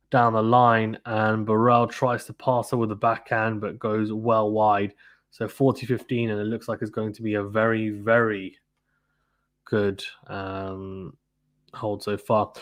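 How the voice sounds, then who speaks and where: A man doing live play-by-play tennis commentary on a stream, chatty and informal, stopping to read viewers' comments. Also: mid-range voice. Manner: chatty, reads viewer comments, fillers like "to be honest with you".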